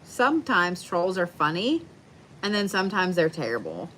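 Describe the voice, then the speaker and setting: A woman giving a live tarot card reading from home, speaking slowly and soothingly and repeating her reassurances. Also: fairly low pitch, very animated, a bit bright, slight background noise. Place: home, indoors.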